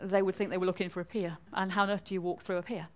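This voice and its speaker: A woman's voice: fairly low pitch, little pitch movement, racing, a little mellow. A woman from northwest England with a Mancunian accent, giving a chatty church talk and quizzing the congregation. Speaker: preacher.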